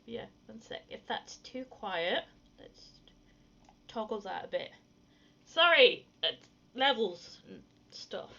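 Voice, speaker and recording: Woman, casual podcast chat, hesitant with fillers, bright tense voice, dull lo-fi mic. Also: a little high, lively intonation, takes it slowly, creaky. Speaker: podcast co-host and streamer.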